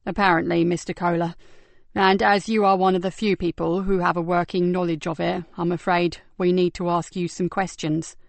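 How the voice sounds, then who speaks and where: A woman narrator voicing a courteous, observant male detective who speaks calmly and formally. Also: high voice, normal speed, creaky, no echo.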